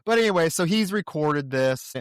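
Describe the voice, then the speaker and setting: Here a podcast co-host with a smooth, animated, highish voice talks at normal speed, recorded in clean studio quality without room sound. He swears freely while recapping a horror film, quoting and performing bits of dialogue from its scenes.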